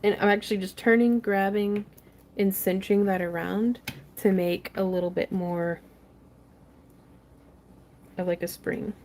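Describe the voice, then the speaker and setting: A young woman talks her way through a craft project on a livestream, chatty and quick to laugh. Her voice sits at a middle pitch, and a faint room hum stays underneath. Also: fairly even intonation, a little mellow. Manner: chatty, laughs often, reads viewer comments aloud. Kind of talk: casual craft tutorial livestream chat.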